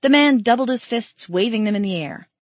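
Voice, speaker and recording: A woman's voice: on the high side, animated, fairly quick, no room sound. Woman reading a story aloud, dry. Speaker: narrator.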